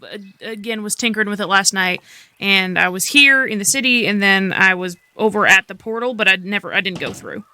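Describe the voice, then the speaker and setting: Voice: medium pitch, expressive, a little fast, pushed and bright, smooth, no room sound. A player in a tabletop game, talking hesitantly with many fillers and restarts. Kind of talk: casual tabletop game play.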